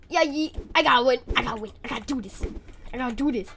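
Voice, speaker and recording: A woman's voice: fairly high pitch, a little fast, fairly bright tone, slight background noise. A woman giving gameplay commentary from a cold bedroom, jittery and squealing when scared, apologizing often. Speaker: gaming YouTuber. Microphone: desk mic.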